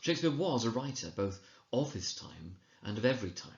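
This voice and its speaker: A low-voiced man talks through a recorded lecture in a measured, explanatory way and reads quotations slowly for effect. The recording is roomy and a little dull. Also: very animated, gravelly. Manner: explanatory, measured, with occasional slips and restarts; reads quoted lines slowly and dramatically. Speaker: teacher trainer.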